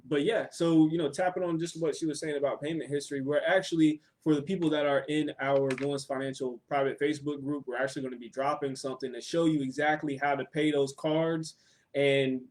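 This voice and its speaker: A man co-hosting a live Q&A, speaking casually and shouting out viewers. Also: medium pitch. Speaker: co-host. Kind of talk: live-stream Q&A.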